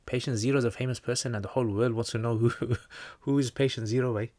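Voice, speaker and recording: A man's voice: medium pitch, fairly even intonation, fast, darkish tone, no echo. A British man hosting a casual livestream Q&A. He answers viewers' questions on Islamic practice in a chatty, informal way and reads each question aloud before he answers.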